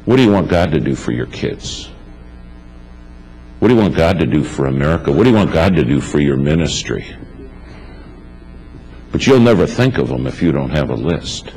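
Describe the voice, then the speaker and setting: A male preacher with an extremely deep, low voice delivers a storytelling sermon, stacking up repeated phrases for emphasis. A faint hum sits under the recording. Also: big pitch swings, normal speed, pauses often, a little mellow, rough recording. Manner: emphatic, builds lists with repetition. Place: church.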